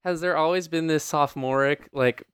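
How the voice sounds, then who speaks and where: A man's voice: a little high, fairly quick, fairly bright tone, clear, resonant tone. Jokey podcast co-host, man. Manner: jokey, swearing, laughs often. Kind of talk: casual chat.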